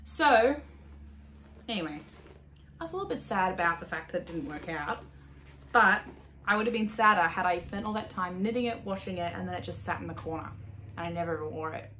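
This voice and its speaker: A woman's voice: lowish voice, lively intonation, a little fast, pauses often, sharp tone, a little hiss or hum. An Australian woman hosting a knitting podcast, chatting casually, swearing freely and laughing at herself as she talks. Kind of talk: casual chat.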